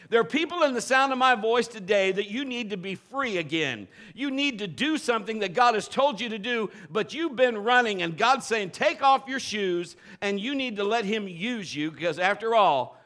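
High-voiced, bright preaching man. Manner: animated participation preaching, urging the congregation. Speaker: pastor. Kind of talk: live sermon. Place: church sanctuary with a congregation.

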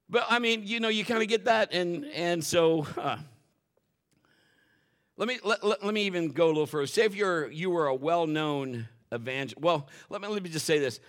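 A middle-aged man preaching a sermon in a folksy, animated way, acting out quotes and dropping to a whisper for emphasis. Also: on the high side. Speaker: pastor.

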